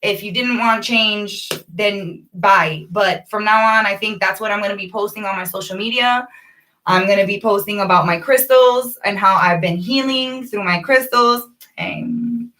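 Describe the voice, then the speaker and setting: A woman vlogging a rambling, preachy spiritual monologue to her viewers, animated and addressing them directly. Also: medium pitch, recorded from a distance, slight background noise, poor audio.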